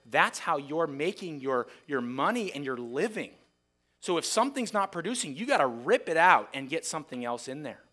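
A man preaching a sermon, reading scripture aloud dramatically and acting out the voices of a shouting crowd. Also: mid-range voice. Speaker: pastor.

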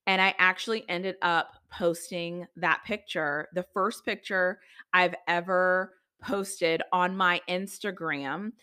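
A woman's voice: medium pitch, bright, forceful tone. A woman in her thirties hosting a podcast, telling a candid personal story in a chatty, filler-heavy way and swearing casually. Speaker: podcast host.

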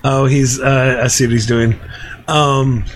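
Hosting a laid-back podcast, a thirtysomething man tells stories in a rambling way, restarting often and leaning on fillers. His voice sits at medium pitch with a level tone and an unhurried delivery, with a little hiss or hum in the background.

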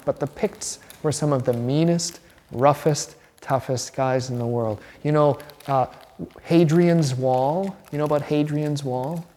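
A man, a pastor, teaching a catechism class in a lively, chatty way and asking the group questions. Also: on the high side, big-room sound.

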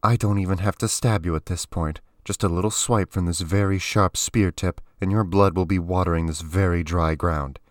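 A man's voice: sits low, steady tone, normal speed, hardly any pauses, dry recording, studio quality, close to an everyday voice. A man voicing a fierce, commanding female warrior who makes cold demands. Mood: threatening.

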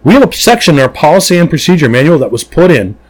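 A man's voice: on the high side, fast, poor audio. A man who works as a police officer, chatting casually on a podcast in an emphatic, blunt way. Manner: animated storyteller, emphatic and blunt.

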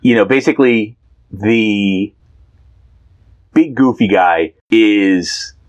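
A playful man co-hosting a podcast and teasing his partner as he recaps a comic. His voice sits slightly low, and his casual talk is full of hesitations. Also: takes it slowly, lo-fi sound. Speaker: podcast co-host.

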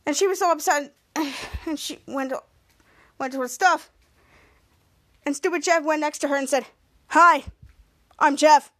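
A woman's voice: high voice, moderate pace, pauses often. A woman on a podcast retelling a TV episode scene by scene, rambling and restarting often. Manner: rambling, repeats words and restarts.

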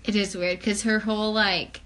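A woman co-hosts a casual chat podcast, reading from notes and using "like" as a frequent filler. Her voice is medium-pitched, level and fairly bright, at a normal speed.

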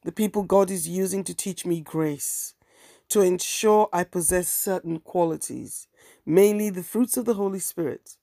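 A woman hosts her own podcast in a candid, wry, ranting monologue. Her voice sits low and mellow with a gravelly edge. The recording is close and dry. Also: normal speed, dry recording. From African heritage. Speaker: podcast host and bookseller.

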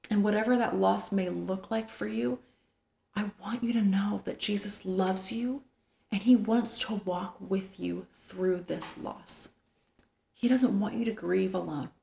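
A woman giving a devotional Bible teaching, earnest and tender, sometimes dropping to a soft whisper for emphasis. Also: medium pitch, vocal fry, reverberant.

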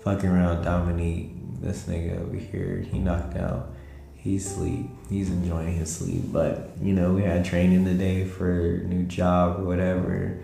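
A man's voice: low-pitched, monotone, moderate pace, gravelly, warm tone. A tired young man rambling in slangy, laid-back casual talk as a podcast host at home late at night. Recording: roomy echo with faint music.

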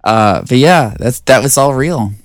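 A man's voice: medium pitch, animated, measured pace. A man co-hosting a laid-back movie podcast, rambling through his points with plenty of fillers and swearing. His voice sits in an ordinary middle register. The sound is dry and close, with no room echo. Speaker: podcast co-host. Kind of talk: casual movie review chat.

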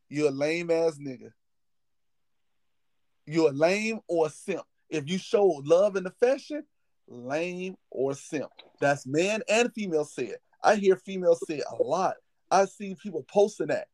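A man's voice: a little high, expressive, measured pace, a little mellow, no room sound. A man hosting a casual podcast chat, talking emphatically and hammering his points by repeating words. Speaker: podcast host; football coach.

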